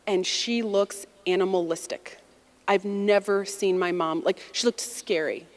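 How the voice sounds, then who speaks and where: A woman from the United States in her forties relates a personal story to an audience at an unhurried pace and medium pitch. She keeps it lively and conversational, acting out what people said.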